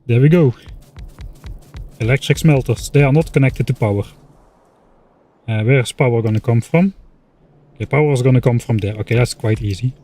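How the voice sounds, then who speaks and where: A man of medium pitch chats casually while playing a game, thinking aloud and pausing on filler words. He speaks close to a desk microphone, with faint music playing underneath. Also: dark tone. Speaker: streamer. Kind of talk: casual gameplay commentary.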